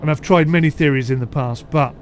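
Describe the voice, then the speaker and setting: A man's voice: on the high side, a little fast, slight background noise. A man with a mixed southern English accent giving chatty, rambling live commentary over a ship simulator and answering his chat. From United Kingdom. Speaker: streamer.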